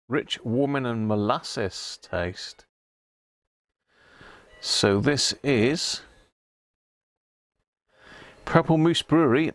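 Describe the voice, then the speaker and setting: Gravelly man chatting live. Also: mid-range voice, fairly bright tone, dry recording. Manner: chatty, answers viewer comments by name; stumbles over unfamiliar words. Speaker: livestream host. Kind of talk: casual live chat.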